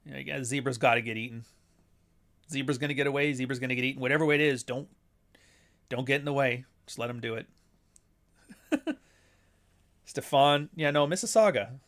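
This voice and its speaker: A man's voice: medium pitch, brisk, pauses often, fairly bright tone. A man hosting a casual talk show, ranting in an offhand, profane way and chuckling between points. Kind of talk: casual chat.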